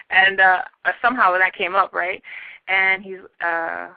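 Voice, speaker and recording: A woman in her twenties from Nigeria, speaking frankly and thoughtfully as an interview guest, halting with many fillers. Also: fairly low pitch, flat delivery, no room sound, dull audio. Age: 20s. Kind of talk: candid interview talk.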